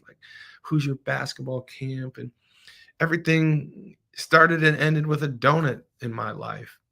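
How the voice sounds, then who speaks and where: A middle-aged man with a gravelly edge to his voice, sitting at a middling pitch. He runs a casual livestream as a business owner and talks in a rambling, heartfelt way with many restarts, his feelings showing through. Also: pushed and bright. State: emotional.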